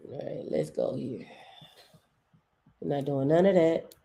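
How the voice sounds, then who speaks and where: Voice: mid-range voice, a little slow, creaky, dark tone. A show host giving loose, chatty livestream commentary with casual slang.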